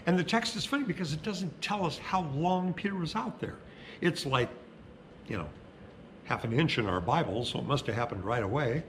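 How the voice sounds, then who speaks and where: A middle-aged male pastor who preaches in a conversational, storytelling way and slows down for emphasis. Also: medium pitch, very animated, a bit bright, slight background noise. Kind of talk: sermon.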